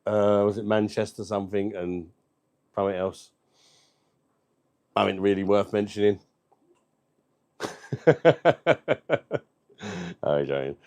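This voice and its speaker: Gravelly guy, cheeky live chat. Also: on the low side, fairly even intonation, normal speed, long pauses, a little mellow. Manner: cheeky, banters and swears freely. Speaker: beer review livestream host. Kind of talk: casual live chat reading out viewer comments.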